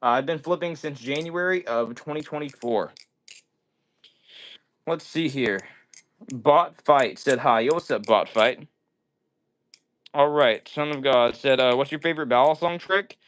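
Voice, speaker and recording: A man's voice: mid-range voice, unhurried, long pauses, a bit bright. A man hosting a casual live stream, reading viewers' comments aloud and answering them in an upbeat way. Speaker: livestream host.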